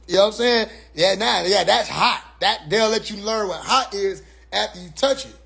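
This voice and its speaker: High-voiced man, blunt rambling talk. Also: moderate pace, creaky, bright, forceful tone. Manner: rambling, repeats "you see what I'm saying"; blunt, profane street talk. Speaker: commentator. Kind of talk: casual monologue commentary.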